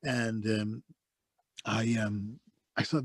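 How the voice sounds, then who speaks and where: A man's voice: fairly high pitch, normal speed, darkish tone, husky, dry recording. A man with a Dutch accent, a voice-over artist, telling his story with passion and emphasis in a soundproof home studio. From Netherlands. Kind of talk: conversational interview storytelling.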